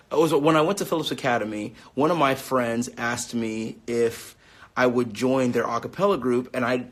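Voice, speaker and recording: Casting: late-twenties man, relaxed live-stream chatter, mid pitch, phone mic. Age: 20s. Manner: chatty and upbeat, many fillers, laughs easily. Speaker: musician reading fan questions on a live stream. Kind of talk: casual live-stream chat.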